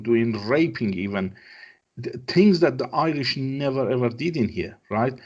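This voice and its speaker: In a conversational interview, a guest from Iran, a Persian native speaker, talks in forceful, non-native English and says his phrases more than once. His voice is mid-range and the audio is dull.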